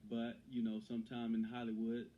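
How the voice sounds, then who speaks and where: A man's voice: mid-range voice, monotone, brisk, narrow, tinny audio, slight background noise. A man as an interview guest and author, talking earnestly in casual conversation, often repeating phrases and restarting.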